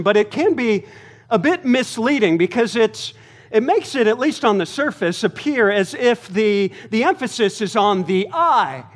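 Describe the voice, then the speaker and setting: A male pastor preaching a sermon to his congregation in a deliberate, emphatic way, pausing and stressing his words. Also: sits high. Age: adult, married.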